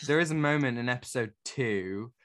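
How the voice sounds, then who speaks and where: A man's voice: mid-range voice, moderate pace, a bit bright. Chatty man reviewing a show. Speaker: podcast co-host. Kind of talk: casual review chat.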